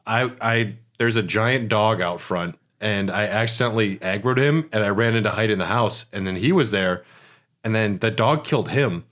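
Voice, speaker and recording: A man with a lowish voice chatting on a gaming podcast. He talks loosely and swears freely, and he tells his stories with animated energy. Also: normal speed. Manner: loose, profane, animated storytelling. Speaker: podcast co-host. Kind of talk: casual gaming podcast chat.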